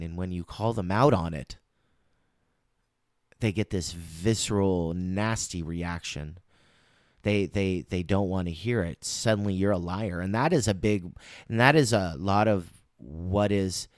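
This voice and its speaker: A man hosting a political commentary show talks slowly in a smooth, clear, fairly low voice. He rambles, restarts his phrases and repeats words for emphasis. The sound is dry and close. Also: a little mellow, no room sound.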